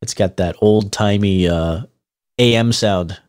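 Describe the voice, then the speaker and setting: A man's voice: fairly low pitch, a little slow, darkish tone, clean tone, dry recording. Wry male podcast co-host, dry sound. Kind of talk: casual chat.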